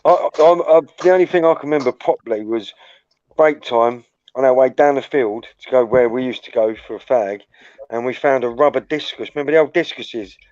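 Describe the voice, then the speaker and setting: A man's voice: medium pitch, a little fast, a little mellow, dry recording. A young man hosting a casual chat, telling school stories full of swearing and laughter. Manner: swears freely, laughs through anecdotes. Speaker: host. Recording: muffled, dry sound.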